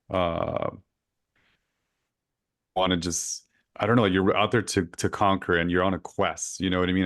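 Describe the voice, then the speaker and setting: A male podcast host talking in a casual, effusive interview chat, full of fillers. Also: deep voice. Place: current home in Orlando.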